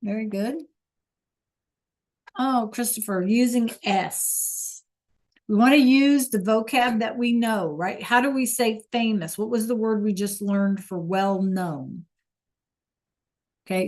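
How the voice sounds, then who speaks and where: A woman's voice: mid-range voice, unhurried. A woman teaching a beginner Spanish class, praising students by name and checking that they follow along. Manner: encouraging, repeats praise and checks understanding.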